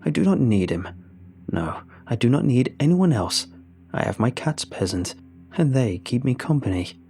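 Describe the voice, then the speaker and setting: A man voicing a cruel eighty-year-old witch hag who speaks in a slow, sneering, menacing way. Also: medium pitch, very animated, creaky, mellow, faint music behind. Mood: gloating.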